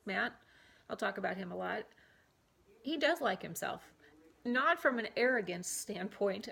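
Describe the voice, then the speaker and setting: A woman's voice: a little high, vocal fry, fairly bright tone, slightly rough. A woman vlogger reading self-help affirmations to camera, repeating them, then wandering off into chatty asides. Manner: reads aloud, then breaks off into rambling asides. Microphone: camera mic.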